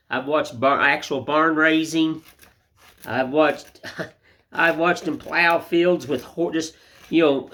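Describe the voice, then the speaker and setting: A man who chats in a folksy, rambling way while he carves wood in his workshop. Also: fairly high pitch. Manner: folksy, rambling, down-home sayings. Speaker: woodcarver. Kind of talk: casual chat while carving. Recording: loud workshop tool noise. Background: loud chisel and mallet knocks.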